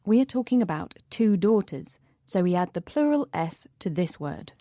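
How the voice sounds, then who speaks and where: A woman co-hosting a scripted English vocabulary lesson, explaining in a friendly, clearly articulated way. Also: on the low side, very animated, normal speed, mellow, dry recording, clean studio sound. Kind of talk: scripted teaching dialogue.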